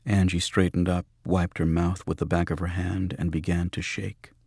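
A man narrating an audiobook in a measured, even storytelling manner. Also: low voice, breathy edge, dry recording, studio quality. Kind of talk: scripted narration.

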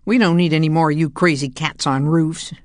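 A woman's voice: low voice, fairly even intonation, fairly quick, dry recording, clean studio sound, natural voice. A woman voicing a bossy, indignant female starling who scolds in a storybook reading. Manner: rude, scolding.

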